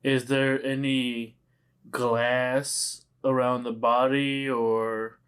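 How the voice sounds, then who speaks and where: Male player, mid pitch, relaxed teasing banter. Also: drawn-out words, clean tone. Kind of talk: casual tabletop play.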